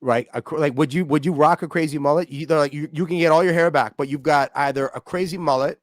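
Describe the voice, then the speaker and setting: A man's voice: a little high, fast, no echo. A man co-hosts a live sports betting stream, talking casually and animatedly. The recording is dry and close. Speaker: co-host of a betting watch party. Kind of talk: casual chat.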